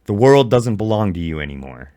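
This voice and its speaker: Man, angry profane rant, reaction commentary, deep smooth voice, dry close mic. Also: very animated, fairly quick, dark tone, dry recording. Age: adult. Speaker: commentary YouTuber.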